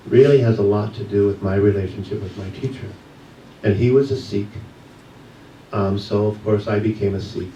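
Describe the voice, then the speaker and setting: A man who teaches yoga, giving a church message as a personal story, told with pauses and soft laughs. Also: lowish voice, muffled recording, slight background noise. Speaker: guest speaker, yoga teacher. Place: church sanctuary. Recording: echoey hall, mic from a distance.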